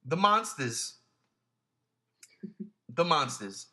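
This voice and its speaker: A man's voice: a little high, very animated, extremely slow, bright, forceful tone. A man hosting a casual film discussion, often stammering and repeating words while he searches for what to say. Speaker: podcast host.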